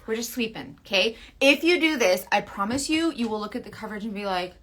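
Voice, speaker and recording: A woman in her thirties talking through a makeup tutorial in a chatty, playful, coaxing way, often dropping to a soft near-whisper. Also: on the high side, lively intonation, fast. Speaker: makeup seller.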